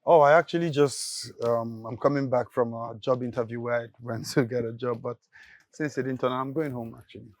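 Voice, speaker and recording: Aktor grający przyjaznego, swobodnego młodego kierowcę z nigeryjskim akcentem, mówiącego średnim głosem. Nagranie suche, blisko mikrofonu. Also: male voice, mid-range voice, steady tone, a little fast, no echo, close to an everyday voice. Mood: friendly. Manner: easygoing, casual. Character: friendly young jobless driver.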